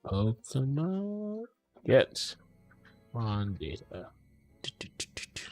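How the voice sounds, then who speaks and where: A man's voice: medium pitch, sing-song, slow pace, dark tone, soft background music. A man streaming his game coding in casual talk, exasperated, swearing often and talking to his chat.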